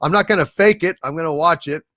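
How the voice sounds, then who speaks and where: A male livestream host reading out viewer messages in a lively, exclamatory way, often breaking into disbelieving outbursts. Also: a little high, fast, no echo, studio quality.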